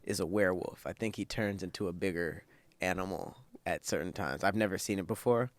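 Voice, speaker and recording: A man's voice: sits low, fairly quick, dry recording. Joking man co-hosting a podcast. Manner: joking, playful storyteller. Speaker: podcast co-host. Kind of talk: casual chat.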